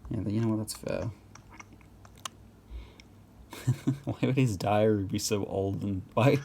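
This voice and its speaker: A man's voice: lowish voice, fairly even intonation, slow pace, creaky, warm tone, a little hiss or hum. A man giving casual gameplay commentary, rambling and hesitant with many restarts.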